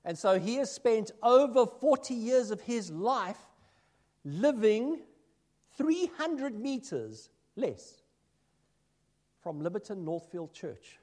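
A man preaching a sermon as a minister, telling self-deprecating stories that swing between loud asides and hushed remarks. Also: sits high, big pitch swings, slow pace. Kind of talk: sermon with personal anecdotes.

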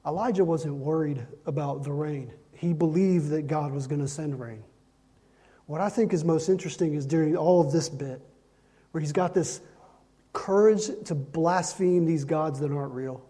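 A man's voice: on the high side, moderate pace, dark tone. A man preaching a sermon, emphatic and repeating lines to drive his points home. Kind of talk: sermon with Bible reading.

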